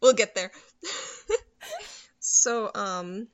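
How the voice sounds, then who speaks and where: A woman's voice: mid-range voice, no echo. A woman in casual chat, retelling a movie scene by scene and quoting the characters as she goes. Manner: animated retelling with quick character quotes.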